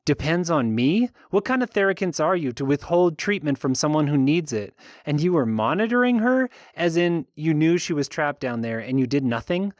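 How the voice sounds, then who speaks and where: A man's voice: mid-range voice, animated, normal speed, dry recording, highs cut off, natural voice. A man reading an audiobook, voicing a passionate young woman heroine who speaks up with urgent, indignant force.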